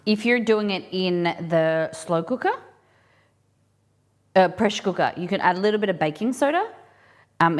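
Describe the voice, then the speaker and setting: A woman hosting a casual live cooking stream, chatting and thinking aloud with rambling asides as she works in a kitchen. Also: low-pitched.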